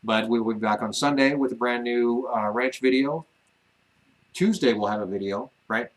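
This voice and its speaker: On a laid-back ranch livestream, this Wyoming co-host talks in an easygoing way, teasing a bit and full of fillers and false starts. The audio is poor; his voice is mid-range at a moderate pace.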